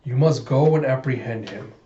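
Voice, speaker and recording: A man's voice: mid-range voice, normal speed, warm tone, natural voice. A man voicing a cold, commanding male bureau director in formal tones. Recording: echoey room, dull lo-fi sound.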